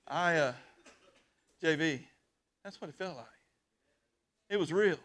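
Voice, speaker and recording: A man giving an emotional sermon as a pastor, swinging from hushed talk to loud, shouted preaching. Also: sits high, lively intonation, normal speed, pauses often, slightly rough.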